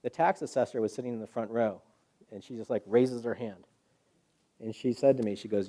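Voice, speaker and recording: A man's voice: medium pitch, brisk. A man presenting to a live audience in a hall, telling stories with rhetorical questions and acted-out quotes. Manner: animated storyteller, acts out quotes, rhetorical questions. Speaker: guest presenter. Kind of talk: public talk to a live audience.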